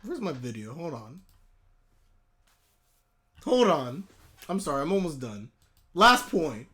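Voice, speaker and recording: A man ranting in a live anime reaction, heated and exasperated, with sudden loud outbursts. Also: a little high, very animated, takes it slowly.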